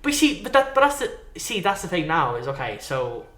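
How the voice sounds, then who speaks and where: A young man co-hosting a casual film podcast, animated and rambling, full of fillers and restarts. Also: a little high, fairly quick. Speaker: podcast co-host. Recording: roomy echo.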